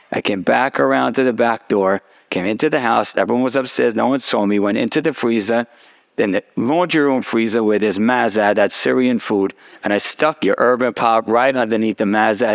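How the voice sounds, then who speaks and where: A man's voice: mid-range voice, creaky. A middle-aged man, a rabbi, telling a personal story in a sermon and acting out the dialogue. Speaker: rabbi giving a talk.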